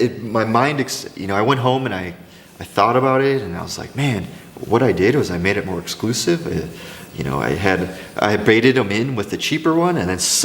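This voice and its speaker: A man's voice: lowish voice, big-room sound. A man sharing business advice in a casual, rambling talk to camera, telling stories with frequent restarts. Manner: rambling, restarts often, animated storytelling. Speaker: craft business coach.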